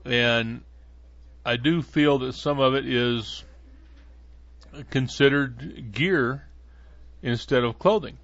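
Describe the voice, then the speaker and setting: A man's voice: medium pitch, takes it slowly, creaky, pauses often, fairly bright tone, dry recording. A man hosting a podcast in a casual monologue, rambling along with many fillers and restarts. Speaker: podcast host. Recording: dull lo-fi dry sound.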